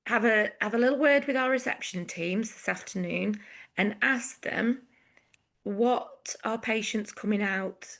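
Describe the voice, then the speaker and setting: A woman's voice: medium pitch, normal speed, a bit bright. A woman hosting a professional chat, talking with enthusiasm and laughing often. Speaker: host from the association. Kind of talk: casual professional conversation.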